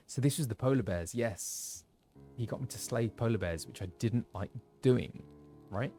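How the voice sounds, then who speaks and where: A man's voice: mid-range voice, moderate pace, dark tone, no room sound, faint music behind. A man, an actor streaming a game, chatting casually and thinking aloud with hesitations. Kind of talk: casual gaming commentary.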